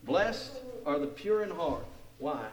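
A male pastor from Kansas preaching a sermon, with a family of his own, swinging between loud emphatic passages and quiet personal asides. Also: on the high side, expressive, takes it slowly. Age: adult with kids.

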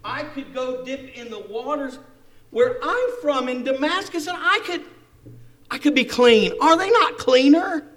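A man's voice: very high voice, unhurried, pitched above the performer's own voice. Man acting out an indignant proud army commander. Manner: indignant, rising to loud outbursts.

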